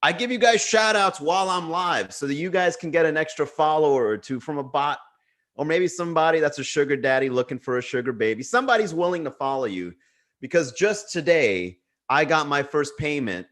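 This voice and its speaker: Male comic hosting a live stream, fairly high voice, casual and worked up. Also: normal speed. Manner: animated, ranting and jokey. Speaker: comedian hosting a daily livestream. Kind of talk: casual livestream chat giving viewer shout-outs.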